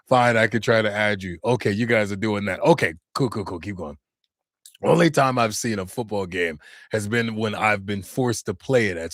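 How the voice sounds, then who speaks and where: A man with a fairly low voice hosts a casual livestream, chatting and reacting to his viewers. The sound is dry and close, with no room echo. He talks in an animated, easygoing way and exclaims often. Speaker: livestream host. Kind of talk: casual chat reading live chat. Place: home in Finland.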